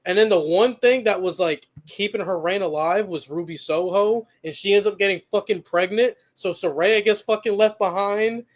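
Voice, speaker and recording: A man's voice: sits high, normal speed, few pauses. A man co-hosting a wrestling podcast, exasperated and profane, often laughing. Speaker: podcast co-host. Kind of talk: heated casual chat.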